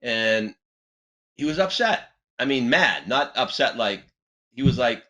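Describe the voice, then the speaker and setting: Bright-voiced man telling a coaching story. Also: a little slow, rough recording. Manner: animated, punchy delivery with big pitch swings. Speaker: sales trainer and webinar host. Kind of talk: storytelling on a webinar panel.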